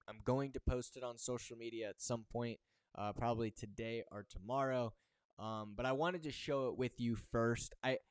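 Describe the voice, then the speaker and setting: A man gives a motivational talk as host, pressing his points by repeating words and phrases. His voice is smooth and clear, at a middle pitch. The sound is dry and close. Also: no room sound. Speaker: football recruiting coach and host.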